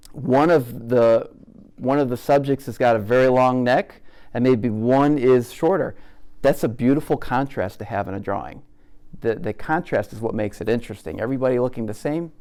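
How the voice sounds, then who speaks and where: A man gives a live caricature demonstration to an audience. He talks in a relaxed, jokey way, with a mid-range voice, and keeps asking the room questions to keep them involved. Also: mid-range voice. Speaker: caricature artist giving a demonstration. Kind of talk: live teaching talk to an audience.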